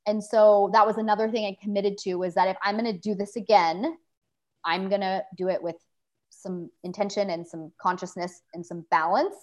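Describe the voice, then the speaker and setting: A woman's voice: medium pitch, steady tone, moderate pace, darkish tone. A woman, an interview guest, talking earnestly and reflectively about her business. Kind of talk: casual interview chat.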